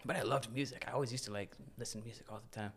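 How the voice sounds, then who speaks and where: Man from Newfoundland, rambling guest storyteller, mid-pitched voice, swears freely. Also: rapid-fire, a little hiss or hum. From Newfoundland, Canada. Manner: animated storyteller with frequent repeats and swearing. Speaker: podcast guest, rapper. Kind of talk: casual chat.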